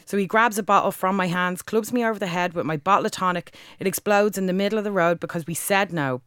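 A woman's voice: mid-range voice, fast, clean tone, no echo, clean studio sound. Dublin woman performing spoken word. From Ireland. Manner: rhythmic, forceful delivery with crude language. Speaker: guest, spoken word artist.

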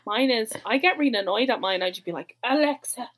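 A woman's voice: medium pitch, animated, fast, fairly bright tone, low-quality recording. A woman in casual chat as co-host, easygoing and full of "like" fillers.

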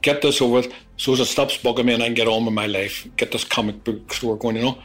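A man's voice: medium pitch, fairly even intonation, quick pace, fairly bright tone, faint music behind. A man recounting his past in a rambling, profane confessional storytelling style. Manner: rambling, profane, peppered with "you know". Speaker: interviewee.

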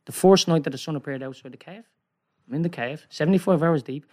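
A man telling a long, rambling story in casual chat, excitable and peppering his talk with "right?". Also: fairly high pitch, quick pace. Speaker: guest.

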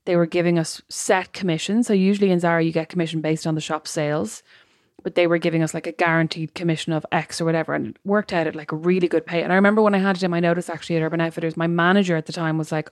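A chatty Irish woman on a podcast, racing through her stories at a quick clip. Her voice sits fairly low, and the recording is dry and close, with no room sound. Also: steady tone, no echo. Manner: chatty, rambling anecdotal storytelling. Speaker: podcast co-host. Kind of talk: casual chat.

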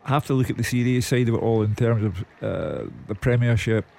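A man's voice: medium pitch, a little fast, gravelly, mellow. A man working as a football pundit on a radio show, talking with dry, wry humour. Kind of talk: casual football radio chat.

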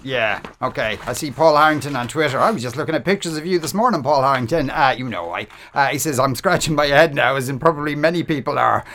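A man hosting a radio talk show in casual chat, halting and full of fillers, with a joking streak. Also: mid-range voice, bright, forceful tone. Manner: halting, filler-heavy and jokey. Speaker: radio host.

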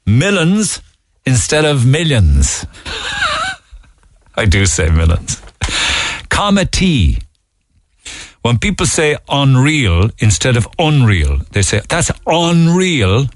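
A man's voice: medium pitch, big pitch swings, takes it slowly, pauses often, no room sound. Cork man hosting chatty radio. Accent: Cork Irish. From Ireland. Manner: chatty, amused, often laughing. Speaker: radio show host. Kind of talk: talk radio, reading listener texts. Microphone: studio microphone.

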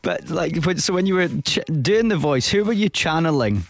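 A man's voice: a little high, animated, moderate pace, vocal fry. A man hosting a radio interview, jokey and laughing often. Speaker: radio host.

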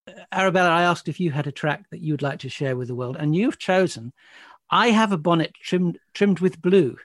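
Higher-voiced man hosting, thoughtful questions. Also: brisk, no room sound, clean studio sound. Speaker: host. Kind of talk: interview conversation.

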